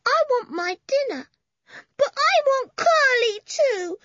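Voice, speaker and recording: A woman voicing a tiny, stubborn little boy who calls out in high, drawn-out wails. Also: big pitch swings, sharp tone, no echo, lo-fi sound, full character voice. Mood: wailing.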